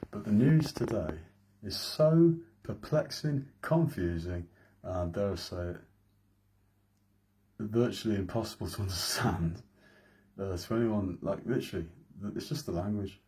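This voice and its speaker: A man's voice: low-pitched, warm tone. A man in his thirties with a Midlands accent, rambling through a late-night vlog monologue with self-mocking asides. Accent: English Midlands. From English Midlands. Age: 30s. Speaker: vlogger. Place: home room at night.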